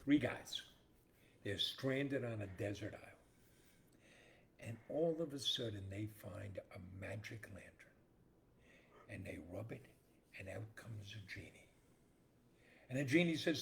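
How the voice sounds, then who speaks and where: A man's voice: fairly low pitch, lively intonation, takes it slowly, gravelly, pauses often, sharp tone, a little hiss or hum. A middle-aged man co-hosting a casual show, telling jokes playfully and acting out the characters in them. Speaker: co-host. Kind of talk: casual joke-telling chat.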